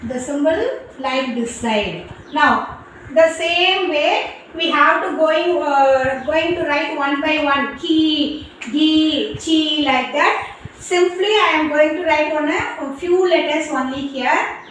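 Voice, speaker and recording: A woman teacher slowly sounding out syllables one at a time, explaining a writing lesson in simple, halting English. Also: sits high, fairly bright tone. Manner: slow, syllable-by-syllable dictation with non-native English phrasing. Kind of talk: classroom lesson on Hindi vowel signs. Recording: very echoey room with faint background noise.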